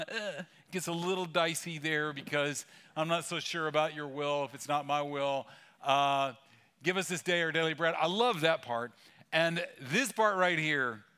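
A middle-aged man preaching in a church, his voice bright and a little high. He talks casually and tells stories with humor, joking with the congregation as he goes. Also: clear, resonant tone. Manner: conversational storytelling with humor. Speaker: pastor. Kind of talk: sermon. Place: church sanctuary.

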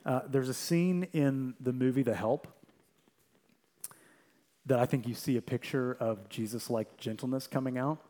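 A young adult man delivers a sermon as a pastor. His voice sits at an ordinary pitch. He swings between energetic, rapid anecdotes and quiet, deliberate emphasis. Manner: swings from loud, quick storytelling to quiet, slow emphasis.

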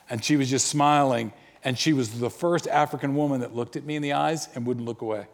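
A man preaching a sermon, telling stories and acting out the quoted dialogue. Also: medium pitch. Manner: animated, acts out quoted dialogue. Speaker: pastor. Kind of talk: sermon storytelling.

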